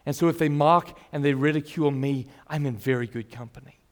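Earnest preacher man, fairly high voice. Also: brisk. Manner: earnest preaching, swings between loud emphasis and hushed asides. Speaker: pastor. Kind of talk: expository sermon.

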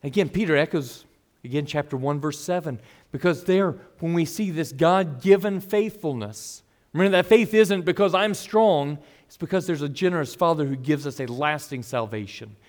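A man preaching an expository sermon as pastor, earnest, moving between loud emphasis and hushed asides. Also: on the high side, normal speed.

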